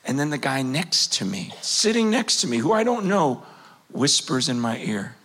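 A man in his fifties preaching a sermon, telling a personal story with passion, swinging from loud urgency to hushed quiet. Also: medium pitch, sing-song, normal speed.

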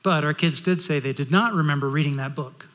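Pastor in a reverberant worship hall. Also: male voice, fairly high pitch, fairly quick, slight background noise. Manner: storytelling, shifting from loud to hushed. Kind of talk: sermon.

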